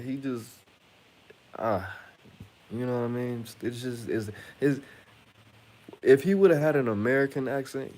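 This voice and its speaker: Rambling, blunt man with a low voice. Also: darkish tone. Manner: rambling, blunt, profane, frequent restarts. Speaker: channel host. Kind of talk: casual monologue to camera.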